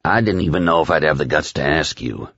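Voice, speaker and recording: A man reading aloud and voicing a nervous, miserable male crony who speaks in a hesitant, subdued, low way. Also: expressive, brisk, fairly bright tone, slightly rough, no room sound, muffled recording, exaggerated voice. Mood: anxious.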